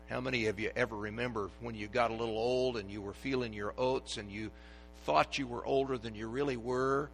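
A middle-aged man, a pastor, preaching a sermon with dynamic swings from hushed to loud and emphatic. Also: mid-range voice, vocal fry, a little hiss or hum. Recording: long reverb of a large hall.

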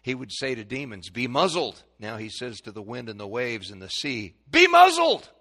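A man preaches a sermon to a congregation, swinging between loud proclaiming and a hushed, dramatic quiet. His voice is fairly low, and he speaks briskly.

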